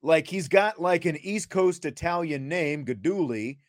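A man's voice: a little high, animated, a little slow, no room sound, studio quality. A man hosting a sports podcast, talking casually and rambling with plenty of fillers and restarts. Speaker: podcast host.

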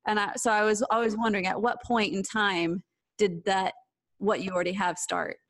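A woman hosting a podcast interview, asking brisk quiz-style questions and laughing often. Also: medium pitch, fairly even intonation, a bit bright. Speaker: podcast host. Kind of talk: casual interview.

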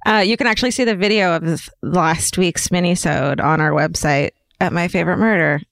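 Animated woman reading a story aloud. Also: lowish voice, brisk, gravelly, dry recording. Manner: animated storytelling, lively delivery. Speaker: podcast co-host. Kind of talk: casual chat and reading a listener letter.

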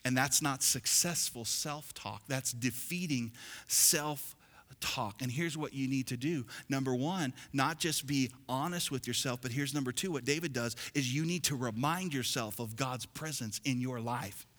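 A male pastor preaching a sermon, swinging from quiet asides to loud, shouted passages. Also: medium pitch, measured pace.

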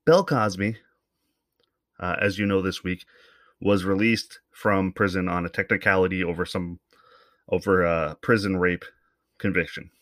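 A man's voice: low-pitched, steady tone, a little slow, pauses often, fairly bright tone, dry recording, clean studio sound. A man from Canada ranting to camera in a loose, profane, rambling way, thinking aloud as he talks. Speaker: commentator. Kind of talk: solo comedic rant to camera.

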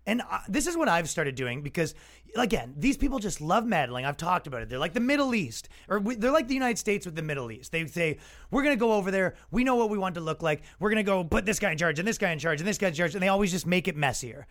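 Male comic podcast host, high-pitched, casual sarcastic rant. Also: big pitch swings, quick pace, fairly bright tone. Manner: exasperated, sarcastic, acts out quoted voices.

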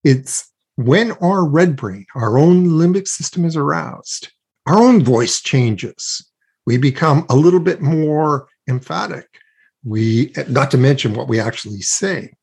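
Husky-voiced male expert guest, earnest explainer, walks through examples. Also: a little high, lively intonation, measured pace, darkish tone. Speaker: guest expert on child self-regulation. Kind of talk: explanatory interview talk.

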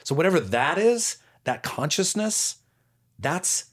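A man in casual conversation as a podcast co-host, talking in a reflective, gently playful way that trails into soft asides. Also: fairly high pitch, sing-song, slow pace, slightly rough.

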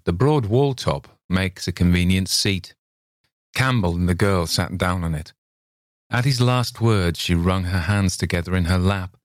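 A man narrating a classic short story in a measured, steady reading voice. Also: low-pitched, no room sound, studio quality. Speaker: reader. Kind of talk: audiobook narration.

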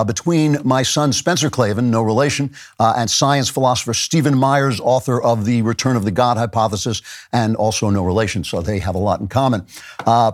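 A middle-aged man hosting his own show, delivering a satirical commentary monologue with dry, mock-serious jokes. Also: medium pitch. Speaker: show host.

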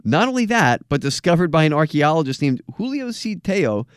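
A man's voice: a little high, big pitch swings, fairly quick, clean tone, no room sound, clean studio sound. A man hosting a podcast in casual chat, joking and stressing his points with emphasis. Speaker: podcast host.

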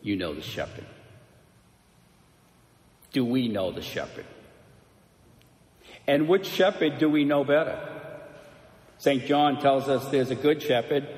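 A male priest delivers a sermon with an unhurried, deliberate pace, letting each phrase settle. His voice sits at an ordinary middle pitch. The sound carries a long, ringing church reverb around it. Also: a little mellow. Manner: slow, measured storytelling delivery.

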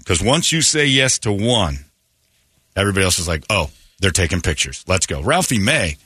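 A man's voice: deep voice, moderate pace, slightly rough, dry recording, clean studio sound. A man hosting a morning radio show, chatting casually and acting out the voices of the people in his stories. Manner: animated storyteller who acts out quoted voices.

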